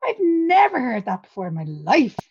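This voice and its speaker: A blunt Irish woman co-hosts a chat podcast, swearing freely and laughing loudly. Her voice sits a touch high. Her sound is a little dull and muffled. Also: lively intonation, moderate pace, a little hiss or hum. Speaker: podcast co-host. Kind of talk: casual chat.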